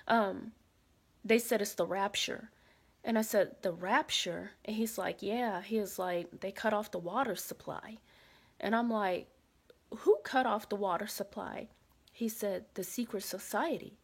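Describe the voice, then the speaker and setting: A woman's voice: medium pitch, slightly rough. A woman casually recounting a frightening dream, repeating phrases and dropping into whispers for quoted lines. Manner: dramatic retelling, drops to whispers for quoted lines; animated, repeats phrases, many fillers. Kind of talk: casual spoken storytelling.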